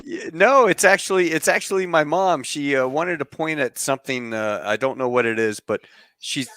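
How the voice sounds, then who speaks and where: A man's voice: fairly high pitch, normal speed, fairly bright tone, dry recording. A man hosting a casual video call chat, laughing often and rambling loosely. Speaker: show host. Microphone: home computer mic on a video call.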